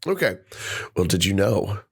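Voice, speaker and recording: Man, podcast co-host, joking, mock-outraged, animated voice. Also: low voice, moderate pace, gravelly, breathy edge. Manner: joking, reads product blurbs with mock outrage. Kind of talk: casual comedic podcast chat.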